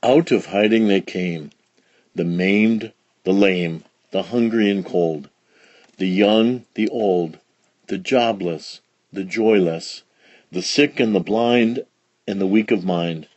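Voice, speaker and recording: A man reading a children's storybook aloud with expressive, dramatic storytelling. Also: deep voice, slow pace, dry recording, dull audio. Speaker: storybook reader. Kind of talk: children's read-along narration.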